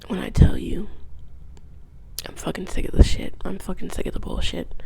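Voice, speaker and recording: A woman's voice: lowish voice, wildly swooping pitch, normal speed, vocal fry, warm tone, husky. A woman vlogger giving a casual, rambling, profane recap, often dropping into whispered asides. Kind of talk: casual video essay recap.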